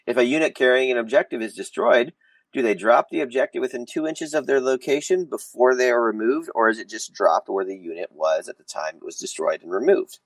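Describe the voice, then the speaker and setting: A man's voice: mid-range voice, animated, fairly quick, dry recording, poor audio. A man hosting a casual podcast chat while he has a cold. He reads out rules questions and answers with dry, sarcastic humor. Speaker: podcast host.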